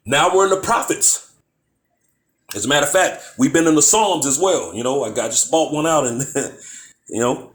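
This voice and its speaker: A man with a somewhat raised pitch teaches scripture in an informal, talky way. He reads verses slowly and deliberately, then presses his listeners with pointed rhetorical questions. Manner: conversational, peppered with "man, you know". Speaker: bible teacher.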